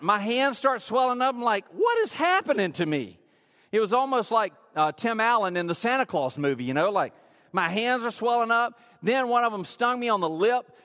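A man's voice: high-pitched, a bit bright. A man preaching a sermon in a church, telling a personal story in a casual, rambling way with many fillers. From rural area. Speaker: pastor. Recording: long hall reverb.

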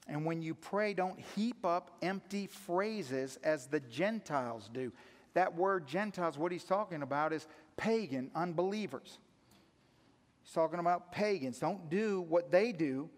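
An older man preaching a sermon as pastor, conversational and earnest, swinging from hushed to loud. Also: on the high side. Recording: echoey hall reverb.

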